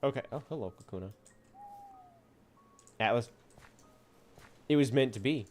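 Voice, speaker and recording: A man's voice: mid-range voice, measured pace, a little mellow, soft background music. A man streaming a game, chatting casually and teasing his viewers with frequent laughter. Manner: playful, teasing, often laughing. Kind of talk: casual gameplay chat.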